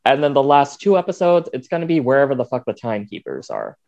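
A man's voice: mid-range voice, wildly swooping pitch, quick pace, vocal fry, a little mellow, highs cut off. A man co-hosting a casual podcast, laid-back and drawling, swearing now and then. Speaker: podcast co-host. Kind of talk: casual chat.

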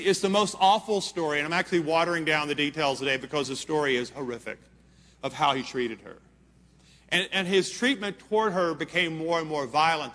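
A pastor with a fairly high, fairly bright voice tells a story from the pulpit in an earnest, emphatic way, checking in with his listeners as he goes. A long hall reverb surrounds him.

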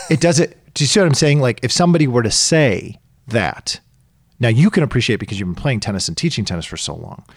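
A man co-hosting a casual chat, telling stories in an animated way and acting out the people he quotes. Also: mid-range voice, fairly quick, dry recording, clean studio sound. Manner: animated storyteller, acts out quotes.

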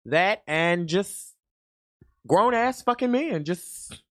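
A man's voice: sits high, animated, slow pace, no room sound, studio quality. A man co-hosting a podcast in loose, joking chat, a little tipsy, laughing often. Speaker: podcast co-host. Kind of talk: casual chat.

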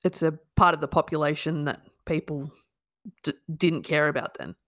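A woman's voice: low-pitched, lively intonation, normal speed, fairly bright tone, dry recording, studio quality. A woman co-hosting a podcast, chatting bluntly about a film and laughing easily. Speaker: podcast co-host. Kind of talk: casual film review chat.

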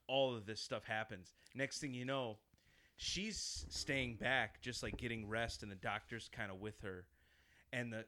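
A man in relaxed conversation walks through a horror film he has seen. His voice sits at an ordinary middle pitch. He tells it with lively animation, swears freely, and drops into little acted-out lines along the way. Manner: animated storyteller, acts out quotes, swears often. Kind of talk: casual chat, retelling a horror film.

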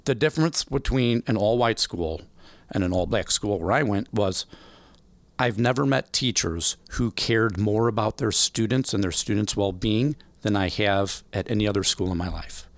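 A man in his forties from the American Midwest, telling stories in an interview, animated and acting out voices in the quotes. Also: lowish voice, moderate pace, no echo. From Illinois, USA. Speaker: guest. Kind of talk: storytelling interview.

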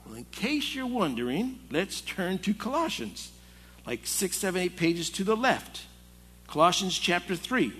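Slightly high-voiced pastor in a reverberant hall. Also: male voice, very animated, unhurried, sharp tone, slight background noise. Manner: conversational, storytelling with asides. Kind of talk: sermon. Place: men's Bible study meeting.

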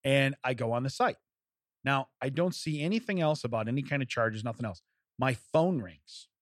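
A man's voice: medium pitch, expressive, normal speed, dry recording, studio quality. A man telling a long story in casual chat, acting out both sides of a phone call and laughing often.

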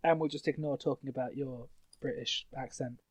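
A man's voice: mid-range voice, steady tone, brisk, no room sound. Playful man hosting a podcast, dry sound. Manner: joking, laughs often. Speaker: podcast host. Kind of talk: casual chat.

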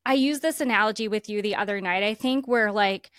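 A woman's voice: medium pitch, fairly quick, fairly bright tone, clear, resonant tone, dry recording, clean studio sound. A woman co-hosting a casual podcast, earnest and rambling, talking with feeling. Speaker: podcast co-host. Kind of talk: casual chat.

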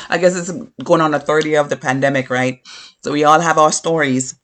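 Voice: medium pitch, steady tone, a little fast, a bit bright. Preacher, casual devotional sermon, earnest, encouraging, repeats phrases, informal asides. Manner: informal asides with fillers and restarts.

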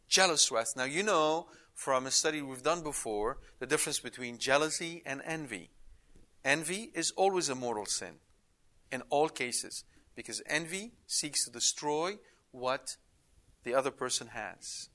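A man's voice: on the high side, animated, measured pace, bright, forceful tone. A man giving an emphatic Bible study lecture, reading scripture aloud with rising intensity. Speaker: Bible teacher.

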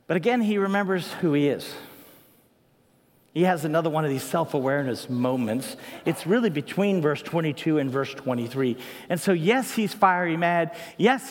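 A man's voice: sits high, long reverb tail. A middle-aged man preaching a sermon as pastor, conversational, with frequent asides and tag questions.

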